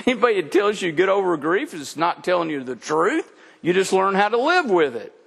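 A middle-aged pastor preaches a sermon in a high, creaky, husky voice at normal speed. His manner is conversational and folksy, animated with laughs, and the recording carries a long hall reverb.

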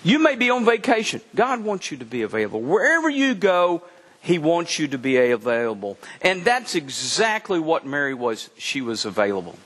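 A man preaching a sermon as pastor, animated and acting out the Bible dialogue. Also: fairly high pitch, moderate pace. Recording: long hall reverb.

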